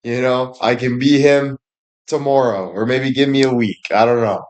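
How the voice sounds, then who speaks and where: A man's voice: mid-range voice, fairly even intonation, normal speed. A man giving a crude, rambling comedic monologue on a livestream, swearing constantly and laughing at his own jokes. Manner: profane, rambling, laughs often, fillers like "you know".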